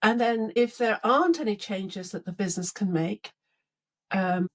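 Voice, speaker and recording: A middle-aged leadership coach, medium in pitch and normal in speed, is a guest in a podcast interview. She spins stories animatedly, performing both halves of the conversations.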